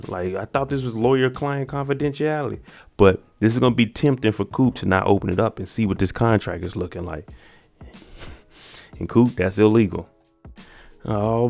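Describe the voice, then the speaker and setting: Man, gravelly voice, animated casual recap host, soft music under. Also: medium pitch. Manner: animated, acts out characters' lines.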